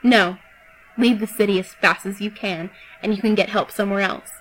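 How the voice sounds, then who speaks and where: A woman voicing a cold young woman who commands insects, delivering threats in a calm, level voice. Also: mid-range voice, moderate pace, faint music behind, close to an everyday voice, poor audio. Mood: menacing.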